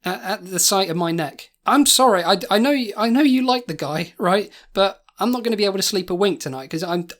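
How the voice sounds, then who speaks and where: A woman's voice: medium pitch, lively intonation, brisk, hardly any pauses. A woman in an improvised comedy audio drama, talking in a jittery, stammering, paranoid way. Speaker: comedy podcast co-host.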